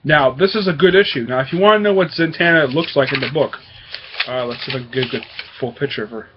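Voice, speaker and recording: A man's voice: mid-range voice, fast talker, lo-fi sound, background noise. A man hosting his own comic book review show, talking casually and hesitantly with lots of fillers. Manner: rambling, hesitant with many fillers.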